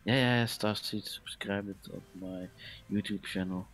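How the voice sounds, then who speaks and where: A man whose native language is Dutch, a guest on an online call, giving brief, halting replies in casual chat. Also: on the low side, flat delivery, a bit bright. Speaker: livestream guest.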